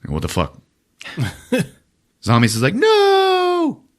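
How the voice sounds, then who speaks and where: Animated, lively, profanity-heavy male host. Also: fairly low pitch, slow pace, husky. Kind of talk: casual chat.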